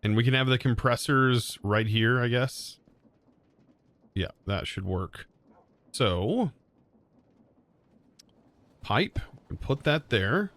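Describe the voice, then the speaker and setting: A man's voice: medium pitch, animated, slow pace, pauses often, fairly bright tone. A young man streaming a game live, thinking aloud in a hesitant way and often correcting himself mid-sentence. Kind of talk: live gameplay commentary.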